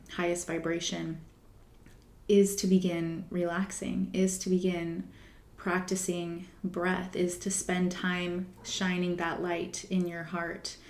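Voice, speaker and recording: Female wellness podcast host, soft and reflective, a bit low in pitch, recorded in a roomy space. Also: level tone. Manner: soft, unhurried, reflective with fillers. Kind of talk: spiritual wellness talk. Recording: roomy echo.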